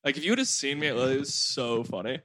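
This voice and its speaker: A man's voice: mid-range voice, rapid-fire, no echo. Young guy podcast host rambling to his mom, tons of "like"s, mid voice, super dry close mic. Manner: rambling, heavy on "like" fillers, animated storytelling. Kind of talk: casual family chat.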